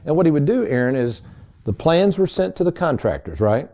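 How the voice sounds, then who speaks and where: Middle-aged male radio host, folksy storyteller, mellow warm tone, studio mic. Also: a little high, sing-song, fairly quick. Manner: folksy, addresses listeners as folks. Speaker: radio show host and financial advisor. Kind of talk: casual storytelling radio talk.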